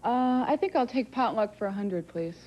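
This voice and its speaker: A woman's voice: a little high, lively intonation, normal speed. A woman on a TV quiz show, giving polite, brief answers to the host. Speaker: game show contestant. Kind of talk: casual chat. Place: TV studio. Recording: dull, very noisy old TV audio.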